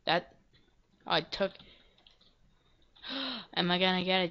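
A woman's voice: lowish voice, slow, pauses often, highs cut off. Chatty woman narrating her gameplay. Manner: chatty, self-deprecating, bursts into loud yelps. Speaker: gameplay video creator. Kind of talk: casual let's-play commentary.

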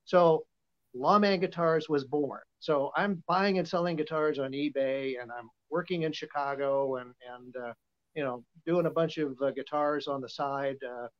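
Brief: 70s male guest, slightly high voice, folksy rambling storyteller, dull lo-fi call audio. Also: moderate pace. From Nebraska. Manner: folksy, rambling, many "uh" fillers. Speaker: guest, vintage guitar dealer. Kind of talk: casual storytelling. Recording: dull, lo-fi sound.

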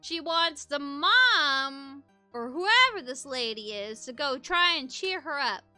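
Woman gamer freaking out at the screen, super high pitch, slow talker, faint game music behind. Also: no echo. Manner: excitable, flustered reactions with frequent exclamations. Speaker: gameplay commentator. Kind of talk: let's play commentary.

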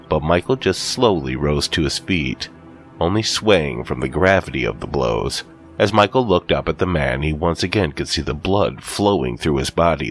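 Very deep gravelly horror narrator. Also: male voice. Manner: steady, deliberate storytelling.

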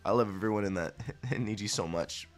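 Earnest, gushing low-voiced man. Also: fairly quick, soft background music. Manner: earnest, gushing, swears freely, voice jumps high when excited. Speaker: streamer. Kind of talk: casual chat to stream viewers.

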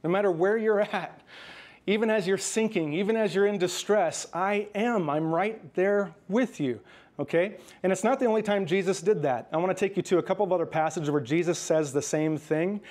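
Guy pastor giving a sermon, a bit high-pitched, chatty, keeps asking "right?", goes slow and quiet on the bible verses. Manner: conversational preaching with frequent "right?" and "okay?"; slows and softens when quoting scripture.

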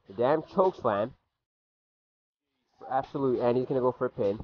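A man hosting a gaming video, giving excitable let's play commentary, swearing and shouting at the game from a hot room at home. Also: mid-range voice, moderate pace, pauses often, muffled recording.

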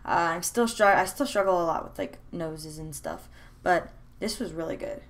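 A woman's voice: lowish voice, normal speed. A young woman in casual chat about her sketchbooks, chatty and rambling with many fillers and restarts, gushing with enthusiasm. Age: young adult. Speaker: art vlogger. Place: room at home.

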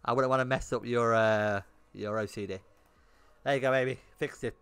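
A man's voice: mid-range voice, steady tone, normal speed, fairly bright tone, clear, resonant tone, no echo, soft background music. A young man streaming a game, chatting bluntly with his viewers and swearing often. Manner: blunt and swearing, talking to chat in bursts. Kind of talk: casual livestream chat while gaming.

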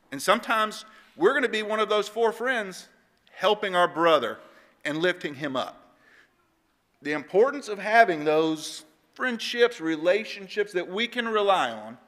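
A man gives a devotional talk in a church auditorium and tells his story in a lively, conversational way. His voice is slightly high and very bright. A long reverb trails each phrase. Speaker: church speaker giving a devotional.

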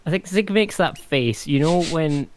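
A man's voice: on the high side, animated, measured pace, slight background noise. A man playing a tabletop game, talking casually and hesitantly, searching for words. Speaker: player.

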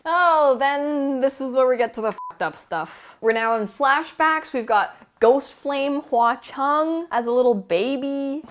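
A woman rambling casually about a book she loves, with an animated, gushing fan manner and frequent laughter. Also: a little high. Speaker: book vlogger. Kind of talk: casual book review chat.

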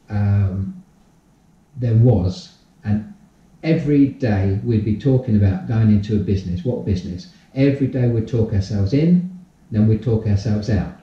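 Give me a mellow older man telling a story, heard from far off in a roomy space. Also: on the low side. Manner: animated storyteller, acts out dialogue, repeats phrases. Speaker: podcast guest, entrepreneur. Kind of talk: casual storytelling interview. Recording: distant, roomy, dull-sounding audio.

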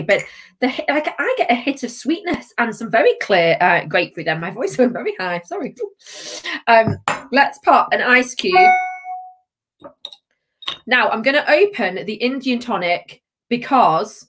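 A woman's voice: mid-range voice, fairly bright tone. A woman hosting a live tasting stream, chatting casually, bubbly and reading out viewer comments. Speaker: livestream host.

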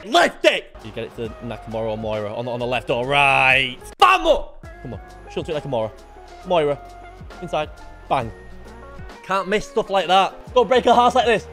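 A young man commentating his own football video game match, muttering under his breath and then bursting into shouts. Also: normal speed, soft background music. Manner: excitable, swings from low muttering to shouted outbursts. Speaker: gaming YouTuber. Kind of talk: live gameplay commentary.

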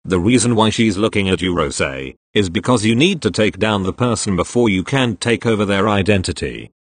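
A man's voice: fairly low pitch, animated, a little fast, a little hiss or hum. A man hosting a fan video, giving teasing voice-over commentary and speaking straight to viewers. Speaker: video host.

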